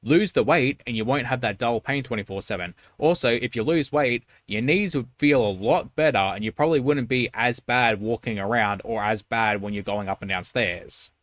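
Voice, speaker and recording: A man's voice: medium pitch, moderate pace, hardly any pauses, a bit bright, dry recording. A man in his twenties hosting a reaction video, talking bluntly and with exasperation, swearing now and then. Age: 20s. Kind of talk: casual commentary.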